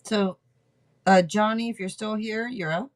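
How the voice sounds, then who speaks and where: A woman's voice: medium pitch, measured pace. A woman hosting a casual livestream, chatting loosely and swearing now and then as she reads names off a list. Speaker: podcast host reading tarot for a live chat.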